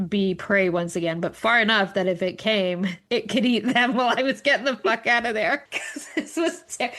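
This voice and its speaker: A woman's voice: mid-range voice, a bit bright. A woman co-hosting a podcast, telling a story in casual chat with swearing and laughter. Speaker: podcast co-host.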